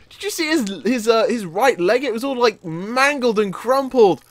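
A young man giving live gameplay commentary, excitable and yelping and laughing as things go wrong. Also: very high-pitched, unhurried, no room sound. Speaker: gaming channel host.

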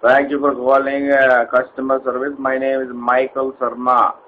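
A man's voice: mid-range voice, completely flat delivery, normal speed, phone-quality sound, a little hiss or hum, lightly acted. A man voicing a polite, formal male call center agent with an Indian accent in a comedy sketch, hesitant and full of fillers. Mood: politely formal.

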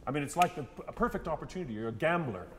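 A man's voice: on the high side, racing, a little hiss or hum. A man runs a vocal masterclass from the stage of a theatre. He talks his student through each phrase and acts the lines out himself to show what he means. His voice carries a long hall reverb. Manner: animated, demonstrates lines by half-singing them. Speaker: vocal coach leading a masterclass. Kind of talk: masterclass coaching.

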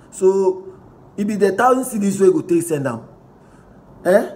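A man with a Ghanaian accent giving casual vlog commentary, reading posts aloud in an animated way, mixing pidgin and English and chuckling often. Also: sits high, normal speed. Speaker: vlogger reacting to online posts.

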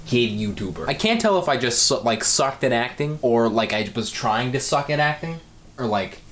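A man's voice: mid-range voice, animated, normal speed, a bit bright, a little hiss or hum. A young man in his late teens giving a dry, self-mocking reaction commentary with sarcastic asides. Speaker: video creator.

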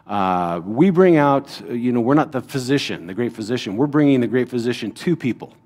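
A middle-aged male pastor teaching a church Bible lesson at a medium pitch. He talks in a loose, conversational way, full of rhetorical questions, and tags his points with a quick "right?". His delivery is plain and unhurried, more chat than pulpit oratory. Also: animated, darkish tone.

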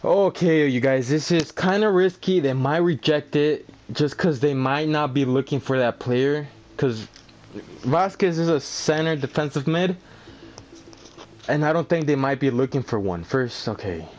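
A young man giving live commentary over his own gameplay, excitable, shouting and swearing at the game. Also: a little high, unhurried, slight background noise. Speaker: gamer.

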